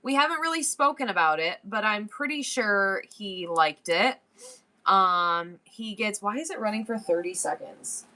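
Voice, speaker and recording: A woman's voice: medium pitch, expressive, measured pace, bright, forceful tone. Chatty woman selling antiques on a livestream. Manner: chatty and rambling, laughs often. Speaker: live-stream seller. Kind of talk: casual live-stream selling chat.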